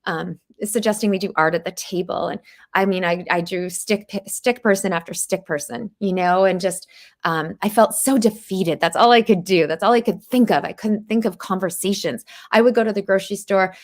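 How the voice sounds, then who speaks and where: A woman's voice: mid-range voice, moderate pace. A woman in her forties hosting a podcast interview, speaking earnestly and with emphasis. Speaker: podcast host.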